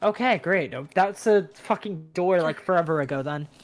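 A woman gamer in casual chat during a stream, excitable and swearing often. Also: on the low side, moderate pace.

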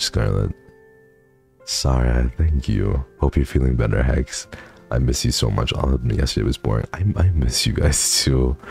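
A man's voice: very deep voice, gravelly, a little mellow. A man streaming from home, chatting casually and thanking viewers, sleepy and swearing freely. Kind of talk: casual chat reading donations.

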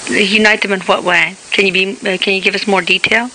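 A woman host who asks questions in a chatty way, with plenty of fillers. Her voice is bright and forward, with a middle pitch. A faint hiss sits under the recording. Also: fairly even intonation, fairly quick, rough recording. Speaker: host interviewer. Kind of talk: casual interview.

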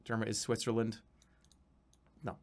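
A man's voice: fairly low pitch, completely flat delivery, measured pace, vocal fry. American guy streaming, rambles and swears a lot, jokes around, stumbles over words. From United States. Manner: rambling, profane, jokey with many restarts. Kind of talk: casual live-stream chat.

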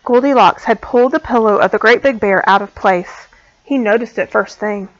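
A woman teacher reading a storybook aloud to small children, clear and expressive. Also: a little high, normal speed. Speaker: pre-K teacher. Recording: dull lo-fi sound.

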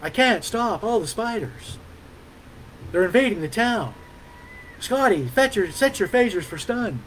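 A man doing a parody impression of a starship captain as a Texas cowboy, with a Southern drawl and halting, dramatic pauses. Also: high voice, very animated, slight background noise, low-quality recording. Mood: mock-dramatic.

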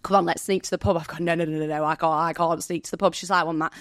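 Racing through her words with a lowish, fairly even voice, this podcast guest recounts her personal story with raw emotion, nearly crying, and quotes people's dialogue as she relives it. The studio sound is clean, without room sound.

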